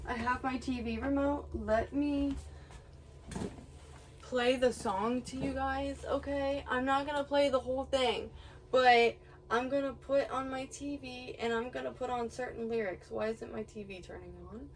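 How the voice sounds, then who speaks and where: A woman's voice: a little high, fairly even intonation, moderate pace. A young woman vlogging outdoors, giving a casual, rambling motivational rant full of swearing and laughing asides. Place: outdoors near home, birds around. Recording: distant mic with faint background noise.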